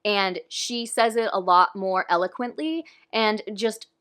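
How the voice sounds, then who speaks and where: A woman's voice: mid-range voice, unhurried, a bit bright, clean tone. A young woman reviewing books in casual, ranting chat, full of "like" and fillers. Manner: chatty, frequent "like", ranting. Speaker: book reviewer.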